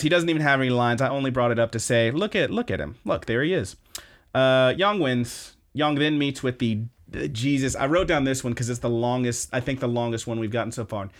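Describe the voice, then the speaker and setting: Male podcast host, casual rambling recap, animated, loose and profane. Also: medium pitch.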